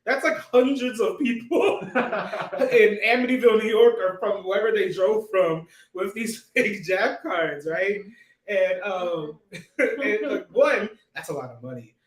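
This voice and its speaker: A man's voice: sits high, unhurried, far from the mic. A male host giving casual, mocking commentary and laughing often. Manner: laughs a lot, mocking, animated. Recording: roomy echo.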